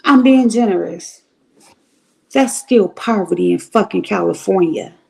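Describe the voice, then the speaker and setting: Blunt, profane woman with a gravelly voice. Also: mid-range voice, a little slow, a little mellow. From Cleveland, Ohio. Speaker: livestream host. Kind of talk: casual livestream rant.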